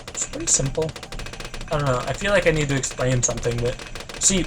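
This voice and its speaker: A man's voice: mid-range voice, noisy background. A man chatting through a video game as a let's play host, rambling and self-conscious, laughing easily. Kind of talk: casual gameplay commentary.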